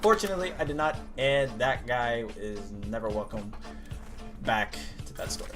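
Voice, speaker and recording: A man's voice: medium pitch, animated, moderate pace, fairly bright tone, soft background music. A young man, a college student, casually telling a story to his viewers, swearing freely as he goes. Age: young adult. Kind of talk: story time commentary.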